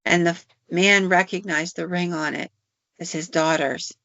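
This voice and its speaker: A woman host narrates a spooky folk tale in a folksy, drawling, casual manner. Her voice sits on the low side, dry and close with a dull, muffled tone. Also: steady tone, normal speed, gravelly, fairly bright tone, no echo. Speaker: podcast host. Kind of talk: storytelling narration.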